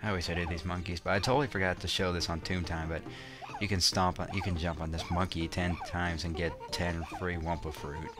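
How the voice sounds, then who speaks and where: Low-voiced young man rambling over game music. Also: flat delivery, a little fast, hardly any pauses. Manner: rambling, with many fillers and restarts, mildly crude. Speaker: let's play commentator. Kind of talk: casual gameplay commentary.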